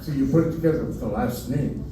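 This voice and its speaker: A man's voice: mid-range voice, fast, heavy background noise. An older man doing a stand-up comedy set in a club, with wry, self-mocking punchlines. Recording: roomy club audio from far off. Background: laughing crowd.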